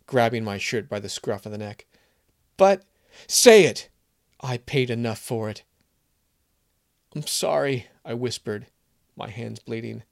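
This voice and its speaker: A man's voice: fairly low pitch, vocal fry, darkish tone, no echo, clean studio sound. A man reading a short story aloud, voicing the characters' dialogue with strong emotion. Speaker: narrator. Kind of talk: scripted story narration.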